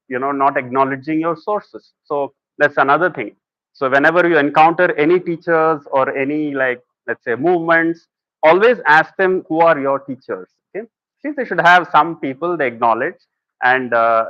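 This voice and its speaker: A man talks through a spiritual lecture in a loose, conversational way. His voice sits a little high. The recording is dry and somewhat muffled. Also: dry recording. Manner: conversational, storytelling with acted quotes. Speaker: speaker at a talk.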